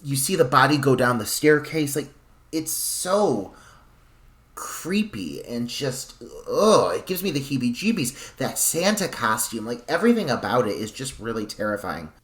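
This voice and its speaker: A man co-hosting a horror podcast in loose, excitable chat. His voice sits in a middle pitch, and he swears freely and stretches out words for effect. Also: brisk, few pauses. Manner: animated, profane, drawn out for effect. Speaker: podcast co-host. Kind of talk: casual film discussion.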